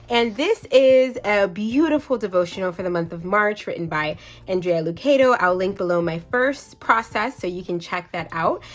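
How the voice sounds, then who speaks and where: A woman hosting a craft channel, talking viewers through a journaling project in a casual, chatty way with a few fillers. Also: mid-range voice. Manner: chatty, warm address to viewers, some filler words. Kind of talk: casual craft tutorial chat.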